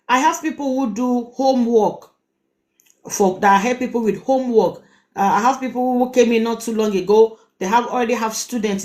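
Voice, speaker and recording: A woman's voice: a little high, a little mellow. A middle-aged woman with a Nigerian accent, hosting a live-stream relationship advice talk; she speaks emphatically, repeats words and asks rhetorical questions. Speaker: host giving relationship advice.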